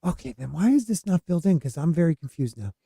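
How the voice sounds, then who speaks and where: A man's voice: fairly high pitch, sing-song, fast, vocal fry, a crowd in the background. A man hosting a podcast panel in casual chat, joking and steering the talk. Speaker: podcast host.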